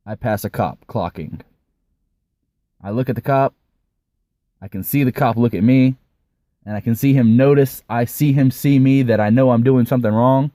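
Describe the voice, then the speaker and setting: A man's voice: mid-range voice, moderate pace, pauses often, warm tone, dry recording. A young man telling a personal story in a casual, rambling way, swearing offhandedly. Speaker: vlogger.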